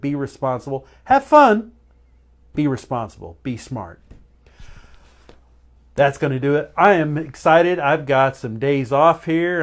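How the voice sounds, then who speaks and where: A man hosting a livestream show, signing off in an earnest, heartfelt way and repeating his warnings. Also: mid-range voice. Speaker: show host. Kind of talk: casual livestream sign-off.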